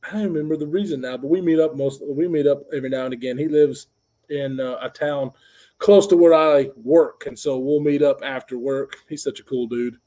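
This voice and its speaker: A man's voice: medium pitch, fairly even intonation, a little fast, dark tone. A man co-hosting a casual chat, laughing often, swearing and tripping over his words. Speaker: co-host.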